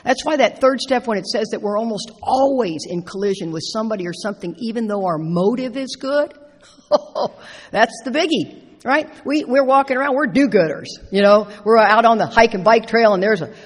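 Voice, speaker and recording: A middle-aged woman speaking at a recovery meeting, telling stories with playful, animated asides. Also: a little high, moderate pace, husky. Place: large meeting hall. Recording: echoey hall with long reverb.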